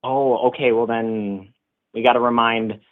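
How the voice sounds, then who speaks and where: A man's voice: medium pitch, fairly even intonation, unhurried, phone-quality sound. A man from Minnesota arguing dismissively with a host, repeating his questions over and over. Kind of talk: argumentative debate.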